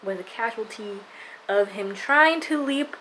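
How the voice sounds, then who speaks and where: A woman's voice: medium pitch, expressive, measured pace, pushed and bright, slight background noise, rough recording. A tired woman chatting casually to her viewers at home, rambling and playful as she goes. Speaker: vlogger. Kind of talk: casual vlog chat.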